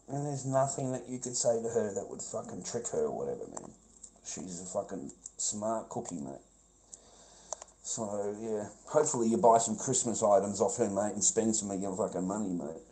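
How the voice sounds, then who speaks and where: A man's voice: animated, moderate pace, warm tone, a little hiss or hum, rough recording. A man on a live stream, talking to his chat in a profane, confrontational way, calling everyone mate and brother. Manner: trails off into low mumbling. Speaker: livestreamer.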